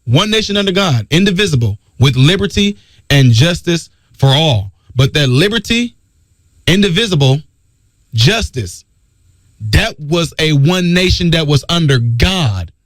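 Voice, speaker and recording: Male talk radio host, preachy and emphatic, lively pitch with big swings. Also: measured pace, no echo, studio quality. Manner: emphatic, preachy, repeats key phrases.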